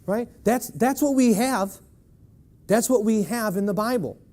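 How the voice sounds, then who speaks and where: Man preaching in church, pitched high, emphatic and questioning the congregation. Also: unhurried, darkish tone. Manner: emphatic, with rhetorical "right?" questions. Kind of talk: sermon.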